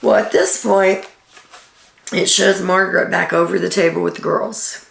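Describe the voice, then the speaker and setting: A woman's voice: on the low side, steady tone, moderate pace, vocal fry. A woman recapping a reality TV episode in casual, chatty storytelling, with an occasional "um" as she relays quotes. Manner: chatty storytelling, reads out quotes with filler ums. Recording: echoey room.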